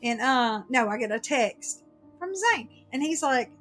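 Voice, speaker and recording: High bright woman telling a story. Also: measured pace, faint music behind. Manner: animated storytelling, acts out quoted dialogue. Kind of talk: casual chat.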